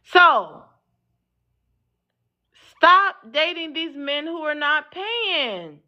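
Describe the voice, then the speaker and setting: A woman's voice: high voice, animated, very slow, dull audio. A woman hosting a live talk show panel who keeps cutting in and firmly tells others to hold on. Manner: bossy, cuts in, hold on repeatedly.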